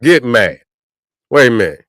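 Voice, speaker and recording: A man's voice: mid-range voice, sing-song, measured pace, a bit bright, dry recording, clean studio sound. A man, ranting profanely and repetitively to viewers on a livestream. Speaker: online commentator.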